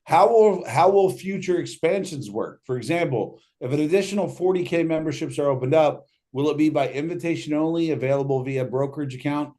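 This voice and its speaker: A man with a warm voice on the high side hosts a casual livestream Q&A, talking briskly with hardly any pauses. He reads audience questions aloud and jokes loosely between them.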